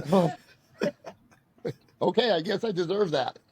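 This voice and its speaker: A man with a fairly high voice telling stories on a podcast. He is animated and self-deprecating as he looks back on his karate training. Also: measured pace, breathy edge. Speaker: podcast guest, karate instructor. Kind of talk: storytelling in casual conversation.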